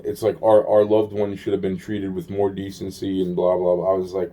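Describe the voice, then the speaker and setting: A man's voice: deep voice, completely flat delivery, moderate pace, few pauses, dark tone, slight background noise. A man rambling to camera in a profane, agitated monologue, repeating himself and trailing off.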